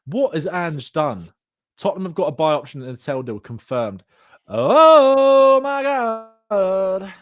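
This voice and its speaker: A man hosting a live fan podcast, excitable and laughing as he chats and plugs his channels. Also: fairly high pitch, brisk, no echo, clean studio sound. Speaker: podcast host. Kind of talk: live casual fan chat.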